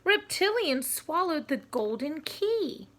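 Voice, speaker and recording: A woman's voice: high-pitched, very animated, takes it slowly, a bit bright, pitched above the performer's own voice, heavily acted. A woman voicing Big Billy, a timid but earnest young male animal in a children's storybook, speaking eagerly. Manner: earnest, eager, easily frightened.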